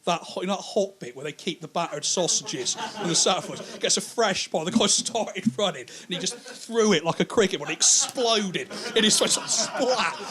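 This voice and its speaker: Animated, crude man telling stand-up stories. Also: sits high, normal speed, few pauses, a crowd in the background. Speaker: stand-up comedian. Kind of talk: stand-up storytelling.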